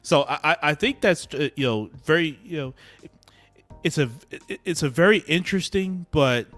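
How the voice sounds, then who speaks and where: Podcast host guy, kinda halting, searching for words, dry sound, faint music. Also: a little high, animated, fairly bright tone, dry recording. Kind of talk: podcast interview.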